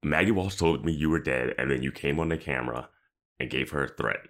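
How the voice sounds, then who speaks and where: A man's voice: extremely low pitch, fairly quick, a bit bright. A man co-hosting a casual podcast about a TV episode, commenting with enthusiasm and frequent laughter. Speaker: podcast co-host.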